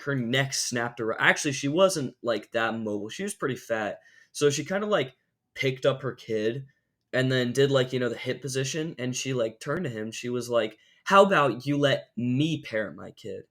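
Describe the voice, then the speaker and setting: A young man vlogs in a mid-range voice at normal speed, telling a story in a rambling, casual, animated way. He leans on "like" and other fillers and acts out the quotes.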